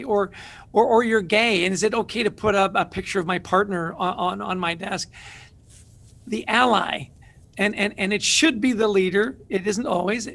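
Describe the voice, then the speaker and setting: A man's voice: high voice, a bit bright. A middle-aged man, an author and guest, telling stories energetically in an interview with emphatic rhetorical questions.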